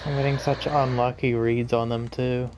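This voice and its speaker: A man's voice: medium pitch, little pitch movement, normal speed, a little mellow, a little hiss or hum. A man giving casual commentary while streaming a game, chatty and complaining about his luck. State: tired, yawning. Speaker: gaming streamer.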